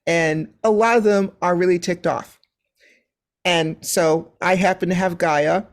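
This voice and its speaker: A woman's voice: fairly low pitch, fairly even intonation, unhurried. A woman speaking as a panelist on a video call, chatty and rambling, with frequent ums. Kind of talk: casual conversational sharing on a video call panel. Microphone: video call microphone.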